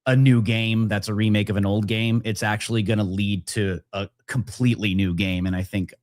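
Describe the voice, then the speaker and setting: A man with a lowish voice talks eagerly on a casual podcast, piling on restarts and repeating himself as he rambles. The sound is dry and close. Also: normal speed, dry recording. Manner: excited, rambling, many restarts. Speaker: guest.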